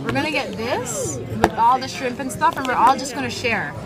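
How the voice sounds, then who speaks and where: A young woman with a high, bright-pitched voice vlogs over a family dinner, joking, teasing and bossing the table around with a laugh close at hand. She talks into a handheld camera in a restaurant while music plays clearly behind her. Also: expressive, moderate pace. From Canada. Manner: playful, teasing, bossy mom talk with frequent laughs. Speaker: vlogger. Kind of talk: casual family vlog chat.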